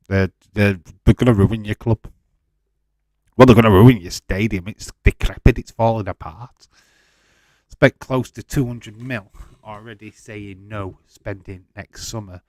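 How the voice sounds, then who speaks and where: Male stream host, 40s, defensive, addresses chatters by name, low voice, dry sound. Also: a little mellow, dry recording. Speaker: livestream host. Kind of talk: casual watch-along chat, answering live chat.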